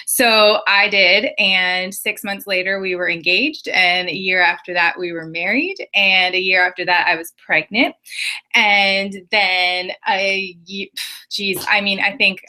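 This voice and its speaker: A woman in her thirties sharing her personal story on an online group call, candid and chatty with quick asides. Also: medium pitch, fairly even intonation, sharp tone. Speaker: guest. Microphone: video call.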